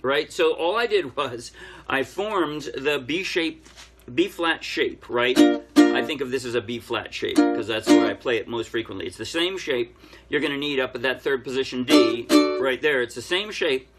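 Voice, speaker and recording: A man's voice: medium pitch, normal speed, loud music behind the voice. Man casually teaching ukulele over strumming. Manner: relaxed, explaining step by step while playing. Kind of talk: casual music tutorial explanation. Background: ukulele playing.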